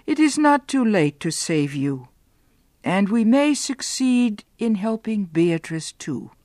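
A woman's voice: mid-range voice, sing-song, slow pace, a little mellow, no echo, clean studio sound. A woman voicing a firm old professor. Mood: reassuring. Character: old male professor, calm and reassuring.

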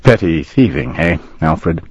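A man voicing a little gray-haired older shop owner who speaks quietly, coldly and sarcastically. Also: extremely low pitch, sing-song, unhurried, a little hiss or hum, full character voice. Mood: sarcastic. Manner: quiet, cold, sarcastic questioning.

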